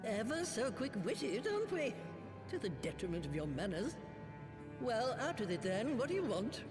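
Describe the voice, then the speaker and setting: A woman's voice: on the high side, sing-song, moderate pace. A woman voicing a cranky, scornful old witch in a video game, speaking sarcastically. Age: older. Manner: sarcastic, scolding. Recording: echoey game audio with long reverb. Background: game music.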